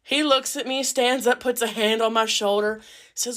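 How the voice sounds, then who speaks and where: Cheeky, lively woman telling a story. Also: on the high side, normal speed. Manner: lively, cheeky, swears freely. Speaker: caregiver. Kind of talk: casual storytelling.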